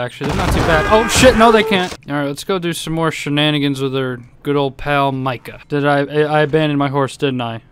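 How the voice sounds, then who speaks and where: An excitable young man narrates his own gameplay with a high, clear, smooth voice. He laughs often and shouts reactions at each surprise. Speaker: gaming YouTuber. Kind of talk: let's-play commentary.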